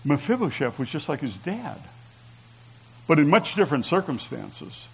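A man's voice: on the high side, sing-song, moderate pace, vocal fry, slightly rough, rough recording. A man preaching a conversational sermon, reading scripture aloud and asking his listeners rhetorical questions. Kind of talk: sermon teaching.

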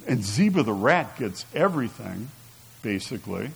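A man's voice: mid-range voice, big pitch swings, moderate pace, creaky, husky, rough recording. A man preaching a conversational sermon, reading scripture aloud and asking his listeners rhetorical questions. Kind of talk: sermon teaching.

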